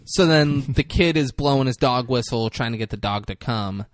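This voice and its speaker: A young man co-hosting a podcast, retelling a movie in a casual, profane, animated way. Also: mid-range voice, moderate pace, dry recording, clean studio sound. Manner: profane, animated storytelling with acted quotes. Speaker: podcast co-host.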